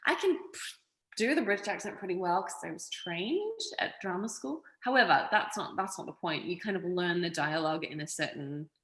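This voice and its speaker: An actress from Australia telling stories in a casual interview, animated and expressive. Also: female voice, lowish voice, moderate pace, reverberant, rough recording. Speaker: actress, guest.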